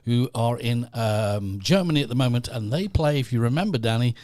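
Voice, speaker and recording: A man's voice: mid-range voice, expressive, a little fast, darkish tone, dry recording. A man hosting a live podcast from a studio, chatting casually, reading out viewer messages and greeting people by name. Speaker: podcast host. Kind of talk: casual live-stream chat.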